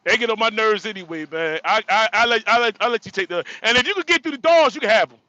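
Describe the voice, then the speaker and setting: A man's voice: high-pitched, lively intonation, fast, pushed and bright, dry recording, dull audio. A man, a trucker hosting a casual livestream, joking and repeating himself as he talks. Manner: joking, repetitive, frequent laughter. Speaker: livestream host; truck driver.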